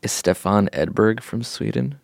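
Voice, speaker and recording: A man's voice: fairly low pitch, measured pace, gravelly, no room sound, studio quality. A man co-hosting a comedy podcast, chatting casually and joking, laughing often. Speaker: podcast co-host. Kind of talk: casual chat.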